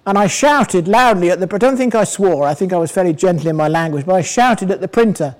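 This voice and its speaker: An older man from England preaches a sermon in a high voice. He talks to the congregation in a conversational way, puts questions to them, and slows down to dwell on scripture. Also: expressive, low-quality recording.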